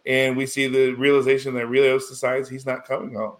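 A man in casual conversation, rambling through a story with plenty of fillers and restarts. His voice sits at an ordinary middle pitch, and he gets emotional as he goes. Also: completely flat delivery, brisk. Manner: rambling, full of "you know" and restarts, emotional. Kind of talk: casual chat recapping a TV episode.

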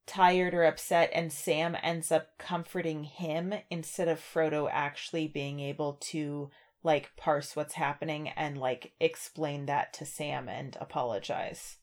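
Low gravelly woman discussing a book. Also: unhurried. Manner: conversational, reads passages aloud in an even voice. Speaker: podcast co-host. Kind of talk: casual book discussion with read-aloud passages.

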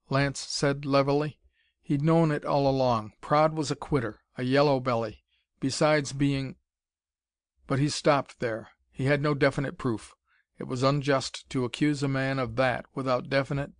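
Brief: male audiobook narrator, measured, mid-pitched, dry close sound. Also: no echo. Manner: steady, measured reading. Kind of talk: scripted narration.

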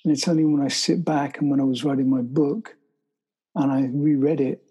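A middle-aged man, telling a story as an interview guest, often halting and restarting his sentences. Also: medium pitch, steady tone, dark tone, husky, low-quality recording. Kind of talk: storytelling in conversation.

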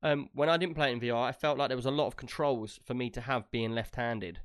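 A man's voice: mid-range voice, fast, fairly bright tone, clear, resonant tone. An English man on a podcast, chatting casually, teasing and laughing often. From England. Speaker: podcast co-host, streamer. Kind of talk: casual chat.

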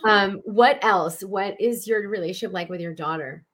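A woman's voice: medium pitch, moderate pace, fairly bright tone. A woman hosting an interview, asking questions and affirming her guest in an encouraging way. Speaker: host.

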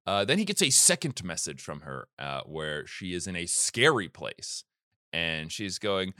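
A man with a fairly low voice hosts a loose comedy podcast, telling a story in a jokey, rambling way full of fillers. His tone is bright and crisp, and the sound is dry and close. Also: very animated, measured pace, no room sound. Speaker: podcast host recapping game lore. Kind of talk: casual comedic chat.

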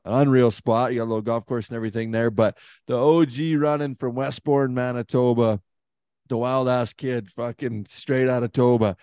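A man's voice: mid-range voice, darkish tone, smooth, no echo, studio quality. A man hosting a podcast, rowdy and joking, swearing heavily. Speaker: podcast host.

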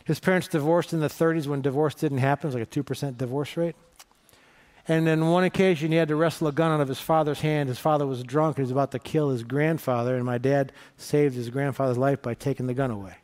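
A man's voice: medium pitch, steady tone, quick pace, darkish tone. A middle-aged man from northeast Ohio preaching a sermon in a conversational, storytelling way, asking the congregation questions. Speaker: pastor.

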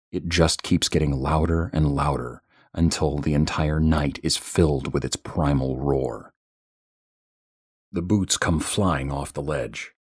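A man narrating a first-person horror story in a tense, measured way. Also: a bass voice, breathy edge, dry recording, studio quality.

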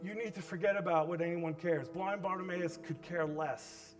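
Impassioned high-voiced preacher man. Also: moderate pace, soft background music. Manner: impassioned altar call, swinging from hushed to loud cries. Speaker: pastor. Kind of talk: sermon.

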